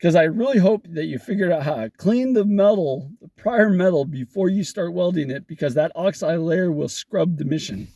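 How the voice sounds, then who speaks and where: A man's voice: a little high, moderate pace, few pauses, mellow, no room sound. A man with a welder's know-how, explaining technical problems in a casual talk with wry, sarcastic jokes. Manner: sarcastic, wry joking asides.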